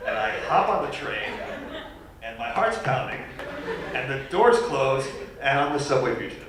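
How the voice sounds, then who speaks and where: A man telling a funny personal story as a guest speaker at a university lecture, animated and self-deprecating. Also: medium pitch, normal speed, noisy background. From New York. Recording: echoey hall recorded from far off.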